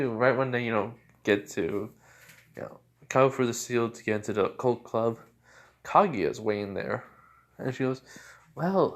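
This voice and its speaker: A young man at home improvising a fan-fiction story, rambling with many fillers and little chuckles. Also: mid-range voice.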